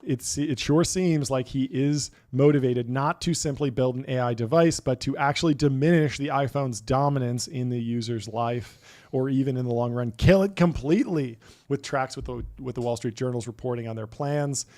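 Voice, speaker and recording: A man's voice: medium pitch, fairly even intonation, moderate pace, few pauses, a little mellow. Man hosting a tech news show. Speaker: podcast host. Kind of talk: casual news commentary, reading quotes aloud.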